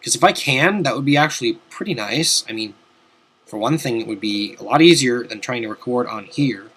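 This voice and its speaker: A young man giving casual, rambling commentary over a video game from his desk at home, swearing now and then and breaking into loud outbursts. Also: mid-range voice, lively intonation, brisk, husky. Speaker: let's play commentator.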